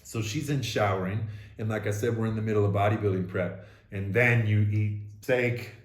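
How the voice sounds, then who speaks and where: A man's voice: on the low side, fairly even intonation, normal speed, roomy sound. A man telling his own story candidly and bluntly, with frequent swearing, in a casual conversation. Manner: raw, blunt, swears freely. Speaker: podcast co-host sharing his story.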